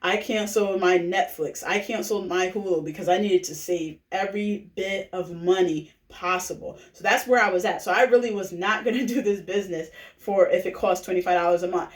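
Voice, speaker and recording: Chatty woman, echoey and distant. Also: lowish voice. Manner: chatty, filler-heavy, keeps asking "right?". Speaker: direct-sales recruiter sharing her testimonial. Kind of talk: casual personal testimonial pitch.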